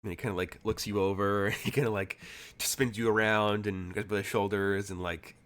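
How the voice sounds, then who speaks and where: A man's voice: on the low side, steady tone, moderate pace, fairly bright tone. A man narrating as game master, rambling with many fillers and restarts.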